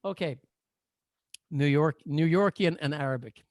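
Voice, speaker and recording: A man coaching a workshop over a video call, explaining in a playful, animated, joking way. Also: a little high, measured pace, no room sound, clean studio sound. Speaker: coach and therapist. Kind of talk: online workshop lecture.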